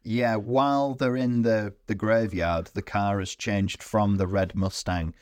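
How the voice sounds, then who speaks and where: A man's voice: lowish voice, steady tone, measured pace, a little mellow, dry recording. A man co-hosting a film podcast, chipping in with plot recaps and quips. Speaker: podcast co-host. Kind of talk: casual film-review chat.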